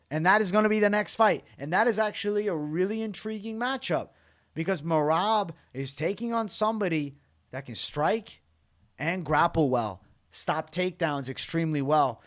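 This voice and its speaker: A man's voice: high voice, normal speed. A man hosting a fight reaction video, talking loosely and bluntly with plenty of swearing, sounding tired from a very late night. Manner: loose, opinionated, swears freely. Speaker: MMA reaction channel host. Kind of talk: casual fight breakdown to camera.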